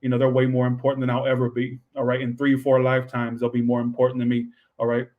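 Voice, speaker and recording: A man's voice: mid-range voice, completely flat delivery, fast, narrow, tinny audio. A man giving a casual livestream tarot reading. He rambles and swears offhand, says he is tired, and keeps adding "all right". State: tired, low on energy. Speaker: tarot reader.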